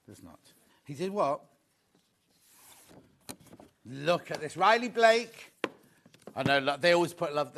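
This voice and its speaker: A man's voice: fairly high pitch, background noise. A man presenting a live home shopping show in a TV studio, chatting and gushing over the products.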